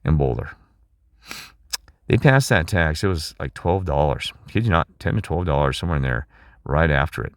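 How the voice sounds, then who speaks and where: A man's voice: a bass voice, lively intonation, normal speed, dry recording. A middle-aged man talking in a rambling, emphatic monologue, asking listeners questions and restarting his sentences. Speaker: channel host.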